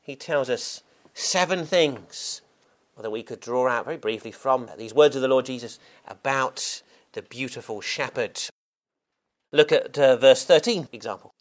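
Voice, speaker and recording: A man delivers a sermon at a mid-range pitch. He speaks at an unhurried pace, circling back with restarts and repeated words as he unpacks scripture and reads verses aloud. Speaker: preacher.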